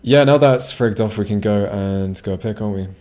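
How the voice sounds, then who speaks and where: Speaking at a moderate pace in a lowish, mellow voice, a man streams a game live, rambling casually through his commentary, swearing freely and chatting with viewers.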